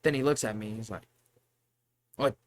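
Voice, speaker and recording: A young man vents to the camera about customers and managers at his store. He rambles, swears constantly and works himself up. His voice sits a little higher than most men's. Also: animated, a little slow, a bit bright. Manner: profane, rambling, gets heated. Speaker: vlogger venting about retail work. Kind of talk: casual rant to camera.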